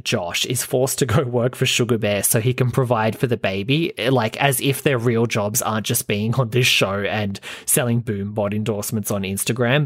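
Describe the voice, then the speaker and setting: A man's voice: mid-range voice, dry recording, clean studio sound. A man hosting a podcast, recapping reality TV in a chatty, gossipy way with plenty of filler words. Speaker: podcast host.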